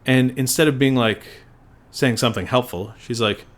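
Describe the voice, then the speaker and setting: A middle-aged man in casual podcast chat, a doctor who tells exasperated stories. He swears freely and acts out the lines people said to him, in a voice of ordinary pitch. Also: normal speed. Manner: swearing storyteller, acts out quotes. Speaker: podcast co-host.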